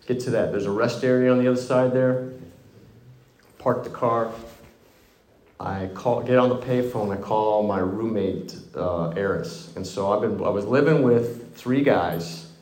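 A man's voice: on the low side, a little mellow, roomy sound. A middle-aged man telling a candid, self-mocking story of his own recovery, with wry humor. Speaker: recovery speaker.

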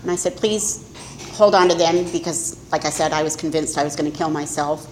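Speaking a little fast in a low, slightly mellow voice, a middle-aged woman offers a frank, self-mocking testimony at a recovery meeting. The room echoes with faint ambience, and there's slight background noise.

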